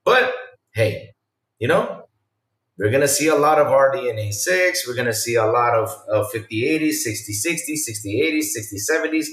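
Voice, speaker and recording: A man hosting a casual live-stream podcast, talking excitedly and loosely to his chat with lots of fillers. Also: medium pitch, normal speed, echoey room.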